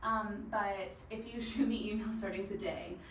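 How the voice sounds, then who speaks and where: A young woman explains dog training in a relaxed, chatty way, dropping in frequent ums. She sounds distant from the camera. The room echoes and there is a steady hiss behind her. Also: medium pitch, normal speed. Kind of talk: casual teaching. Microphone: far camera mic. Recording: roomy, distant, noisy home video.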